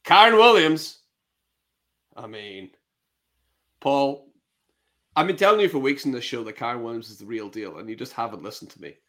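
A man's voice: mid-range voice, animated, normal speed, long pauses, a bit bright. A man co-hosting a casual fantasy football chat show, laughing and reacting to clips.

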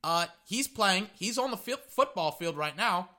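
A man giving casual, rambling live reactions to a football game as a fan commentator, getting excitable and repeating himself. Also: high-pitched, normal speed.

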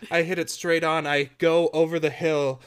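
A young man, a podcast co-host, telling a story in a casual, animated, dramatic way that keeps breaking into laughter. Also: fairly high pitch, normal speed, smooth.

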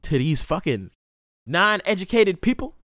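A man's voice: high-pitched, big pitch swings, measured pace, a bit bright, no room sound, studio quality. A young man hosting a podcast, telling stories casually in slangy, profane talk. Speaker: podcast host and college student. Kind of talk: casual storytelling monologue.

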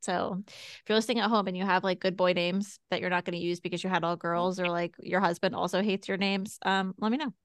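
A woman's voice: on the low side, fairly even intonation, fairly quick, no room sound, studio quality. A woman in her thirties, co-hosting a podcast, telling a personal story in a chatty way full of "like". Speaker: podcast co-host. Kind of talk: casual chat.

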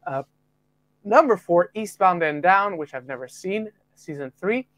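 A man from the UK hosting a casual podcast, reading out listener rankings with quick jokey asides. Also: high voice, expressive, a bit bright, no echo. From United Kingdom. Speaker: podcast host.

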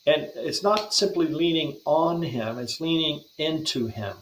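A man's voice: a little high, measured pace, roomy sound, a little hiss or hum, low-quality recording. A man appearing as a guest Bible translator on a podcast, giving an earnest, flowing devotional teaching and often repeating words as he restarts phrases.

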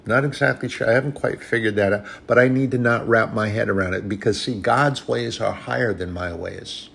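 Low gravelly guy preaching, husky, earnest and chatty, lots of restarts. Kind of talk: sermon.

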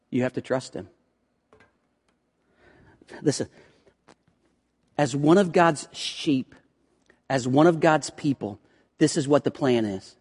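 A male pastor preaching a sermon with passion, swinging from loud pleading prayers to hushed, quiet lines, often repeating words as he restarts. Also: mid-range voice, slow pace, long pauses, long reverb tail. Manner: impassioned, rising to loud prayerful pleas then dropping to hushed tones.

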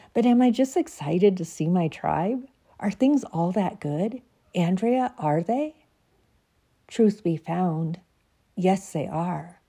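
A woman podcast host reading her own reflective devotional piece aloud in a soft, unhurried way, then chatting casually with listeners. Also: lowish voice.

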